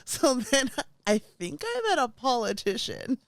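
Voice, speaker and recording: Young woman, podcast co-host, smooth voice, dry close sound, animated storytelling. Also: a little high, a little slow, no echo. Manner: animated storytelling, many "like"s, laughs often. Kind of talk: casual chat.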